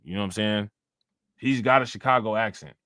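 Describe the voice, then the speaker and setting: A man's voice: lowish voice, brisk, bright, forceful tone, no echo, studio quality. A young man hosting a live stream, chatting in a loose, rambling and profane way while answering his chat. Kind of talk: casual live-stream commentary.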